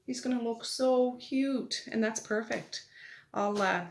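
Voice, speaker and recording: A middle-aged woman chatting casually while she opens mail at home, with soft laughs between remarks. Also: fairly high pitch, takes it slowly. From Nova Scotia, Canada. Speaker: vlogger. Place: family home at night. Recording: echoey room, audible background noise.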